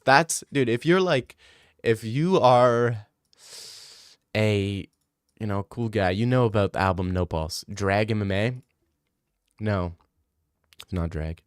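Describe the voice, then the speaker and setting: A man's voice: mid-range voice, clear, resonant tone, no room sound, studio quality. A young man from Canada streaming live, reading chat aloud and answering it with sarcastic, laughing banter.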